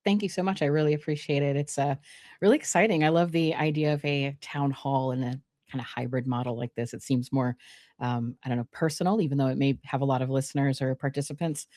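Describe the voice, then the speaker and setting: A woman guest in a live online interview, answering thoughtfully and pausing to find her words. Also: very deep voice, steady tone, a little mellow, no echo, clean studio sound. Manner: reflective, searching for words. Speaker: guest, cognitive archaeologist. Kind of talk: casual interview talk. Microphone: own microphone in an online audio space.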